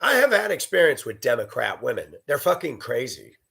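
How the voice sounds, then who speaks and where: Guy ranting into the camera, gravelly voice, swings way up and down, cussing a lot. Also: mid-range voice, huge pitch swings, a little fast, a bit bright. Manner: profane, sarcastic storytelling. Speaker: vlogger. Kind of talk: ranting monologue.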